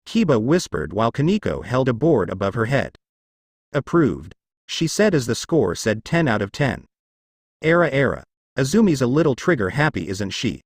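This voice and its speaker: A man's voice: mid-range voice, no room sound, studio quality. A man reading a fan fiction story aloud, voicing both narration and dialogue in one voice. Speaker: fanfiction reader.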